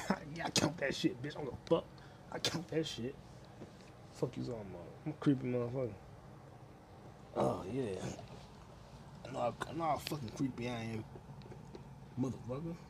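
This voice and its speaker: A man's voice: medium pitch, normal speed, vocal fry, pauses often, noisy background. A man hosting a crude solo podcast from his home kitchen, rambling, swearing constantly and laughing at his own jokes. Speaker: podcast host.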